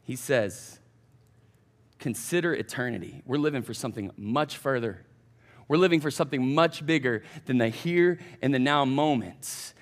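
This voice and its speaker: A young man, a college pastor giving a casual, energetic sermon to students, peppered with "like" and "man.". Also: mid-range voice, moderate pace. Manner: energetic and conversational, full of fillers like "like" and "man".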